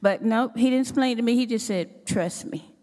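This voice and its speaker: A somewhat high-voiced woman gives a church testimony, telling her story with lively, expressive swings. Her voice carries a long hall reverb. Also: fast. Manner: expressive, acts out her own quotes with sudden pitch jumps. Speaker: church speaker giving a testimony.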